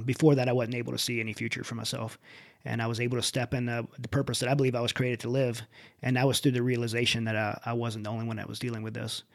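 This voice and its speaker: A middle-aged man and military veteran, guest in an interview, candidly telling his own story with many restarts. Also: medium pitch. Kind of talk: personal testimony in conversation.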